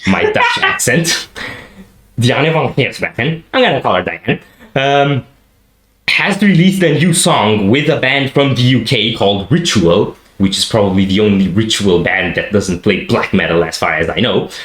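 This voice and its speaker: A man's voice: fairly low pitch, lively intonation, normal speed, a bit bright, roomy sound. A man co-hosting a music reaction show, chatting casually and gushing like a fan with frequent restarts. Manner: enthusiastic fanboy rambling with restarts.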